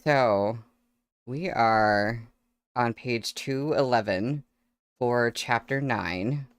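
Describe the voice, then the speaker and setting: A woman's voice: a bass voice, extremely slow, clear, resonant tone, no echo. A woman chatting casually on her livestream into a desk microphone, laughing often between words. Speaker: streamer reading novels aloud.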